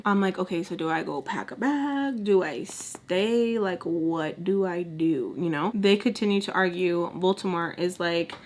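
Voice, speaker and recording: A young woman vlogger telling a long personal story, chatty and animated, acting out the other people's lines and saying "like" a lot. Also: mid-range voice, moderate pace, few pauses. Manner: lots of filler "like". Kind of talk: casual storytime while doing makeup.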